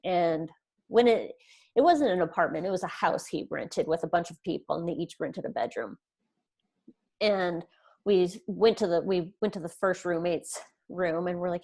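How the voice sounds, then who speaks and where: A woman's voice: on the low side, moderate pace, darkish tone. A woman in her thirties, a podcast guest, earnestly telling a personal story and acting out what people said. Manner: earnest, retells events with quoted dialogue.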